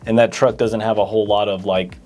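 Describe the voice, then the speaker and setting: Reading viewer questions in a casual parts store Q&A, this co-host speaks a little fast in a fairly low, level, darkish voice. He's hesitant and keeps stammering through fillers.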